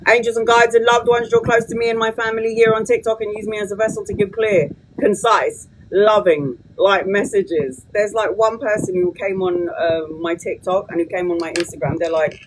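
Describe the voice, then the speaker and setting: A woman's voice: mid-range voice, fairly even intonation, background noise. A woman in her forties, a tarot reader talking casually and bluntly on a live stream from her phone, swearing freely. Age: 40s. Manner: blunt and sweary, quick to vent.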